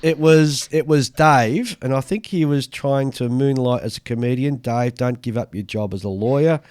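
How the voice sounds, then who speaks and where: A man's voice: medium pitch, moderate pace, darkish tone. An Australian man co-hosting a casual hobby podcast, chatting and reading listener mail aloud with dry asides. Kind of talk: casual chat.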